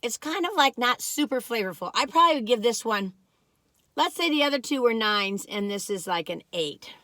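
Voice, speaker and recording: Chatty older woman with a bright, squeaky voice. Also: lively intonation, normal speed, no echo. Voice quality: slightly squeaky, mellowed voice. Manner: rambling, chatty, self-deprecating, wanders off topic. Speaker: vlogger. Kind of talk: casual chatty review.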